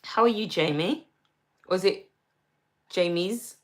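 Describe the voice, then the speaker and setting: Woman, London accent, livestream host, slow unhurried talk, lowish voice, gentle and reassuring. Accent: London English. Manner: slow, gentle and reassuring, reads viewer comments aloud. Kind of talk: casual livestream chat reading comments.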